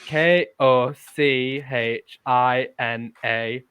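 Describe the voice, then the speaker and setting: A man's voice: medium pitch, steady tone, a bit bright, clear, resonant tone. Chatty male podcast co-host. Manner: chatty, playful, quick to correct others. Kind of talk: casual chat.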